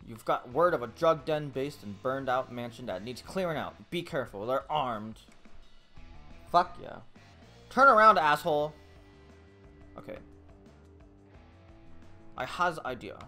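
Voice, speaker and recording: A man playing a video game and commenting as he goes, swearing constantly and breaking into loud outbursts. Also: medium pitch, expressive, a little slow, pauses often, soft background music. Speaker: gaming video creator.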